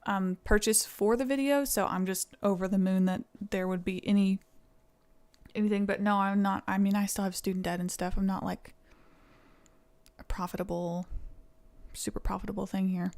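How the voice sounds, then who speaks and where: A woman's voice: mid-range voice, flat delivery, moderate pace, darkish tone. A young woman from East Tennessee with a Southern accent, chatting casually with viewers on a live stream and thanking them. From East Tennessee, USA.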